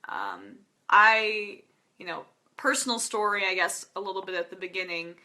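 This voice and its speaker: A woman's voice: mid-range voice, big pitch swings, moderate pace, bright, forceful tone. A young woman hosting a casual political live stream, talking earnestly and emotionally with many fillers and nervous laughs. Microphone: webcam or phone.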